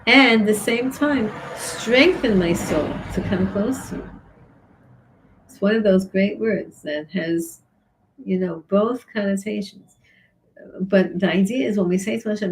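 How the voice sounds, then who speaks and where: A woman giving a Torah class on Psalms in an earnest, expressive way, acting out back-and-forth dialogue with God. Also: mid-range voice, normal speed, low-quality recording. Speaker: rebbetzin teaching Psalms.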